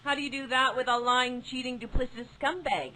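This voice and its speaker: A woman's voice: high-pitched, steady tone, fairly quick, bright, forceful tone, poor audio. A woman playing a bitter, betrayed wife. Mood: furious. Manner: bitter, accusing. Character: angry betrayed wife threatening with violin.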